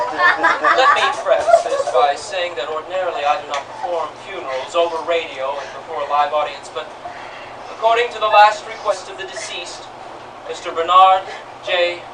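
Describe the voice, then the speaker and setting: A man's voice: high voice, lively intonation, moderate pace, pauses often. A man playing a rabbi who leads a comic funeral on stage before a live audience, turning eulogy into punchlines. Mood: solemn. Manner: mock-solemn, building to joke punchlines. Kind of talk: live sketch comedy performance. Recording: distant stage mic with noise.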